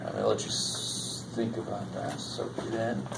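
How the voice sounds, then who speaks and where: A man's voice: on the low side, normal speed, vocal fry, heavy background noise. A man teaching a college math class in a lecture, casual and jokey, swearing now and then. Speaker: math instructor.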